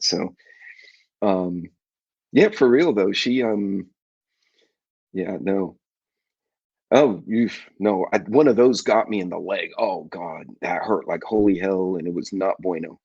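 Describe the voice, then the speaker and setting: A middle-aged man hosting a casual live chat with viewers, telling rambling folksy stories and clearing his congested throat often. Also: low voice, a little slow, a little mellow, no room sound, lo-fi sound. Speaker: livestream host.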